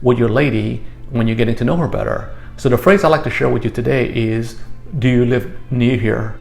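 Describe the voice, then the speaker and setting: A man teaching phrases in a chatty, casual lesson, with many fillers and restarts, slowing down to stress each word. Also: mid-range voice, creaky, faint music behind. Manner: slows down to stress the words he teaches. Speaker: language teacher.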